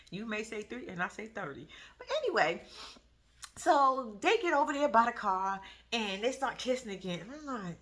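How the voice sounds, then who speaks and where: A woman giving sassy, animated casual commentary, often laughing. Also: on the high side, normal speed, long pauses. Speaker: reality TV recap vlogger.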